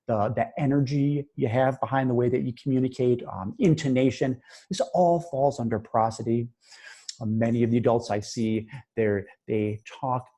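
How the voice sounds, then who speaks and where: A male psychologist presents a webinar in a loose, conversational way, often restarting his sentences. His voice is husky and darkly mellow, and he sounds like he is speaking into a computer mic on a video call. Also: medium pitch. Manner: conversational, many restarts and fillers, quotes clients in brief voices.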